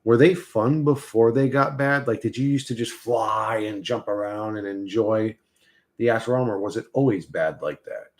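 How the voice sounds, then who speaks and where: A man's voice: fairly low pitch, moderate pace. A man hosting a casual livestream, rambling and swearing as he talks to his chat and to his dog. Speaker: livestream host.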